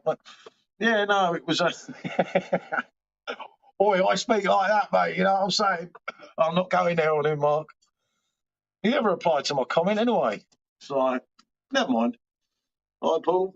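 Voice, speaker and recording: A man's voice: sits high, moderate pace, pauses often. A man hosting a live stream from home, rambling and swearing casually as he chats back to viewers' comments. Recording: dull lo-fi stream audio.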